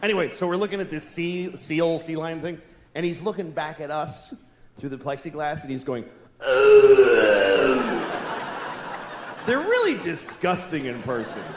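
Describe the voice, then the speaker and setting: Animated stand-up comic in an echoey venue. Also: male voice, normal speed. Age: 40s. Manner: deadpan and exasperated, jumping into loud squeaky put-on voices. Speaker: stand-up comedian. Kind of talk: stand-up comedy set. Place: large comedy venue, audience laughing. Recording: echoey live venue with noise.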